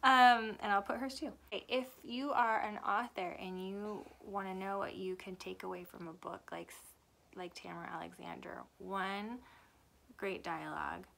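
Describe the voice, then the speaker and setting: A woman's voice: medium pitch, fairly even intonation, unhurried, gravelly, fairly bright tone. A young adult woman and author giving a chatty, rambling book review that often corrects itself. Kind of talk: casual book review chat.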